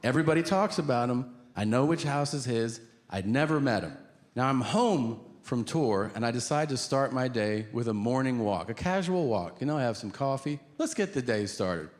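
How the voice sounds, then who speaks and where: A middle-aged man telling a stand-up story in a deadpan way and acting out the other people in it. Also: medium pitch, normal speed. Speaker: stand-up comedian. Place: theater stage before a laughing audience. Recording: live stage recording with audience noise.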